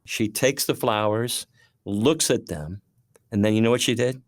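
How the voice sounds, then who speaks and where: A man's voice: lowish voice, unhurried, no echo, studio quality. A man co-hosting an interview show, candidly telling a personal story with feeling. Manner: candid, emotional personal anecdote. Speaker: co-host.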